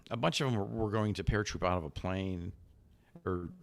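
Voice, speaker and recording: A man's voice: sits low, vocal fry. A man co-hosting a podcast about the outdoors, chatting casually and often restarting his sentences. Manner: halting, many restarts and repeated words. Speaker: podcast co-host.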